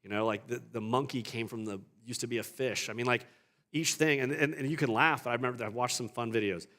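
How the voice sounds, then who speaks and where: A man's voice: medium pitch, steady tone, quick pace, a bit bright. Man teaching a church apologetics class. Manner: conversational, rhetorical questions, many restarts.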